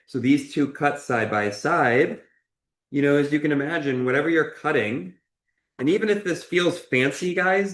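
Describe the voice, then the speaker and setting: A man's medium-pitched voice sounds roomy as he teaches a cooking lesson in a kitchen. The chef walks through every cut with encouragement, frequently asking "okay?".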